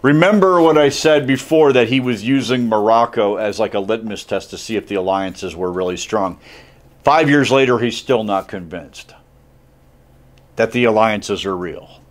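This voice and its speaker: A man's voice: fairly low pitch, normal speed. Chatty male history teacher lecturing. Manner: chatty, jokey, full of "like" and acted-out asides. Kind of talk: casual classroom lecture.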